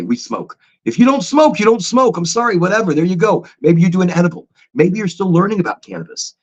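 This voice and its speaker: A man hosting a casual livestream chat, talking in an animated, rambling way with chatty asides. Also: high voice. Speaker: livestream host. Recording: dull lo-fi stream audio.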